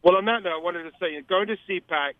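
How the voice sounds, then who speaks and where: A man with a high voice talks in a rambling, emphatic way, circling back and repeating himself. He comes through a tinny, dry phone line as a guest on a radio interview. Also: quick pace, no echo. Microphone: telephone.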